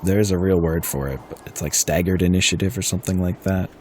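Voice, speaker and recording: A man's voice: low voice, steady tone, fast, darkish tone, a little hiss or hum. A man running a tabletop wargame session, explaining rules casually and chuckling often. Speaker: game master. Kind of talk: casual tabletop game talk.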